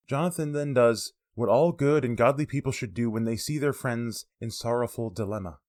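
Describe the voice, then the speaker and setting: A man giving a sermon that explains a Bible passage, lively and expressive, with casual asides. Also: mid-range voice. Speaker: preacher.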